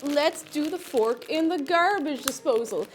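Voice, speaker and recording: A woman's voice: high-pitched, expressive, measured pace, slight background noise. A woman streamer chatting playfully while she cooks on a livestream, now and then breaking into silly noises. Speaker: livestreamer and VTuber. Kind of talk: casual chat while cooking on a livestream.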